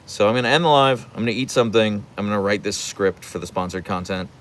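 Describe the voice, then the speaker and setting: A man's voice: on the low side, fast. A man hosting a casual livestream from home, reading out the chat and rambling playfully, slipping into voices when he retells stories.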